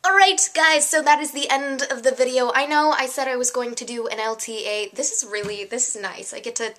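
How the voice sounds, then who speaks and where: A woman's voice: fairly high pitch, flat delivery, brisk. A young woman with an American accent, chatting sarcastically to camera in a casual vlog. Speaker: vlogger.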